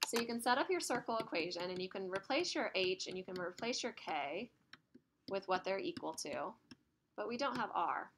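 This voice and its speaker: A woman's voice: mid-range voice, expressive, normal speed, background noise. A woman teaching an algebra lesson in a classroom, chatty and laughing as she tells stories. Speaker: math teacher. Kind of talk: classroom lecture.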